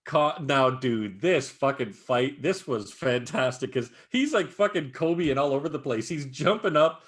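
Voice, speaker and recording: A man's voice: mid-range voice, measured pace. A man co-hosting a casual podcast, swearing a lot and acting out movie scenes as he retells them. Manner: animated, swears constantly, acts out movie scenes. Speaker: podcast co-host. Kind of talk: casual chat.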